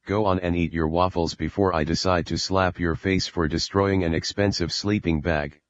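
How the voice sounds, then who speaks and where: A furious, short-tempered father barking insults at his child, read by a man in a very low voice. The sound is dry and a little muffled, like an audiobook on a lo-fi recording. He scolds and threatens in every line. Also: steady tone, moderate pace, no echo, close to an everyday voice. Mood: angry scolding. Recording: dull lo-fi recording.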